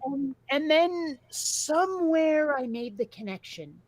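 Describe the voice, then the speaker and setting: A woman's voice: high-pitched, takes it slowly, no room sound. Blunt woman with a dry close sound. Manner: blunt and animated, swears freely. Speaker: podcast co-host. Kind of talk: casual chat.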